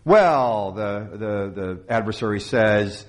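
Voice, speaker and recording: A male pastor delivers a sermon at a mid-range pitch. He retells the story with lively, animated storytelling and drops in wry asides to his listeners. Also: moderate pace.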